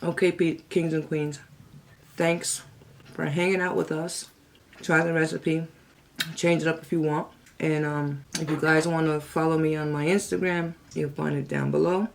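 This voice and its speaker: A middle-aged woman hosting a casual home cooking vlog, chatting to viewers and cooing at her parrot in a high sweet voice. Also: flat delivery, normal speed, vocal fry, a little hiss or hum. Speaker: cooking channel host. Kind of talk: casual chat to camera.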